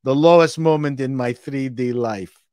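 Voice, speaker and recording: A man appearing as a guest YouTuber on a live stream, talking in a halting way with many fillers and trailing off softly. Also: medium pitch, dry recording. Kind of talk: casual live-stream chat.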